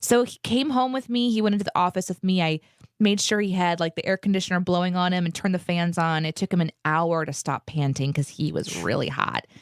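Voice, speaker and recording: A woman's voice: on the low side, fairly quick, no echo, studio quality. A woman in her thirties co-hosting a live morning show, telling a story in casual, upbeat chat. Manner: chatty storytelling, upbeat, animated.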